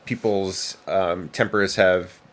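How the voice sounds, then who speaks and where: A man's voice: deep voice, fairly even intonation, takes it slowly, fairly bright tone. A man co-hosting a parenting podcast, chatting casually and rambling with lots of fillers and restarts. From United States. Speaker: podcast co-host. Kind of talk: casual chat.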